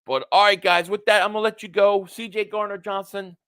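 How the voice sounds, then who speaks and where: A young man hosting a casual livestream, excitable and rambling, with lots of fillers. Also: sits high, a little fast, clear, resonant tone, no echo. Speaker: sports streamer.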